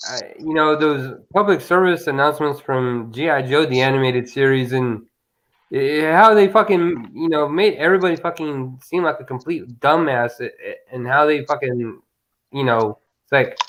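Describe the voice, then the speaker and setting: A man's voice: medium pitch, normal speed. A man in a casual chat, recalling memories with lots of swearing. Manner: animated, swearing recollection.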